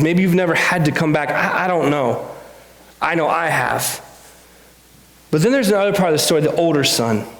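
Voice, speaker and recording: A man preaching a sermon in a church, earnest and confessional, often stumbling over repeated words. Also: high-pitched. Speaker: pastor. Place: church sanctuary. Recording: echoey hall.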